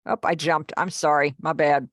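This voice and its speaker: Patient woman teaching, low dry voice. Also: fairly even intonation, moderate pace, no room sound. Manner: patient, explanatory, checks in with "okay?". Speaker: sign language teacher. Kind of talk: live online class instruction.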